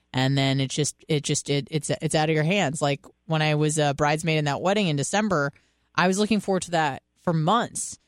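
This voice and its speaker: A woman's voice: deep voice, no echo. Young woman radio host, casual storyteller, frank and crude, dry studio sound. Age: 20s. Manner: candid, profane, laughing storyteller.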